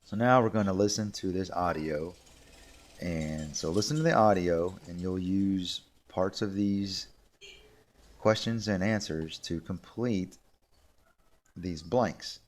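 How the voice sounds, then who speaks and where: A man with a lowish voice teaches an English video lesson. He explains in a relaxed, repetitive way, walking students through phrases step by step. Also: slow pace.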